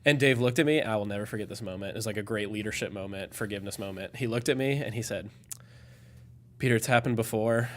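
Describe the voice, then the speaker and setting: A young man in his twenties, guesting on a podcast, speaks very fast with few pauses in a voice on the low side. His casual story is animated and packed with fillers, especially "like."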